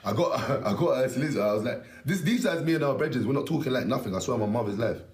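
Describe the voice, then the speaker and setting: A man's voice: medium pitch, lively intonation, rapid-fire. Young man, slangy, emphatic rant, swears a lot, roomy echo on the mic. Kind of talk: casual ranting story.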